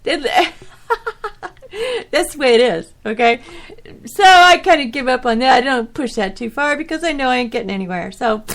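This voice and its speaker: A woman's voice: high-pitched, normal speed, long pauses. A middle-aged woman hosting a podcast, talking in a rambling, emotional monologue that turns preachy as she rants, with frequent laughs. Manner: animated, preachy ranting. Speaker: podcast host. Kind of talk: casual monologue.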